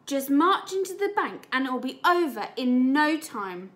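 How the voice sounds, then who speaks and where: A woman teacher voicing a bold, plotting spoon from a children's storybook, in a lifted, excited tone. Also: high-pitched, normal speed. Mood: scheming.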